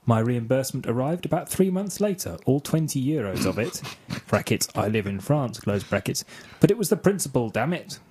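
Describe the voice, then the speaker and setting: Husky-voiced man co-hosting a tech podcast. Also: mid-range voice, sing-song, normal speed, warm tone. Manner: jokey, reads listener emails aloud. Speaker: podcast co-host. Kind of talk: casual tech podcast banter.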